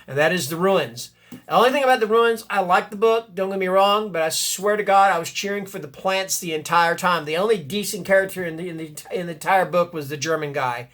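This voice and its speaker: Rambling, enthusiastic man with a higher voice. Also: a little fast, fairly bright tone. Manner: rambling, self-correcting, enthusiastic. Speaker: booktuber. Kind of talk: casual book chat and reading blurbs aloud.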